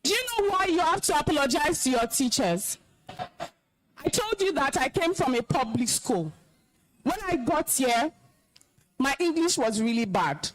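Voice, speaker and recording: Woman, Nigerian accent, young adult, high voice, very animated pitch, stern scolding, emotional, commanding school talk. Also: a little slow, a little hiss or hum. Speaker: alumna speaker at school event. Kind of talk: stern address to students.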